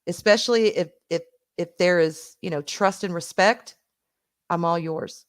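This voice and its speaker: Speaking a little slowly in a fairly low voice, a middle-aged woman with a Southern accent from the American South chats with her stream audience. She's warm and casual, laughs a lot, and lets a swear word slip now and then.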